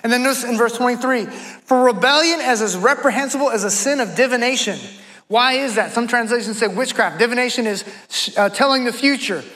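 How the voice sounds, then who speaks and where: A man's voice: extremely high pitch, brisk, bright, forceful tone. A man preaching to a congregation, repeating a refrain and challenging his listeners directly. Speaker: pastor. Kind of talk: sermon. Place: church before a congregation.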